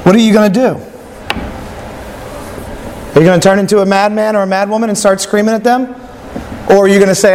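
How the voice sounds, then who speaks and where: A man's voice: sits high, fast talker, in a large hall, slight background noise. A male pastor preaching a sermon, telling a story and acting out its voices.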